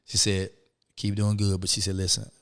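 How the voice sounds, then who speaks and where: A man's voice: deep voice, moderate pace, clean tone, long reverb tail. A man, telling his story as a guest in a casual interview and acting out the people in it. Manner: animated, acts out quoted people.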